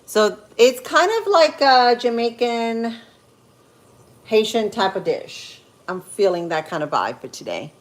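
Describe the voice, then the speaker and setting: Slow-talking chatty woman from Florida. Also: a little high, lively intonation. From Central Florida. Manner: chatty, thinks aloud with pauses and fillers. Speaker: livestream host. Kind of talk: casual live-stream chat while cooking.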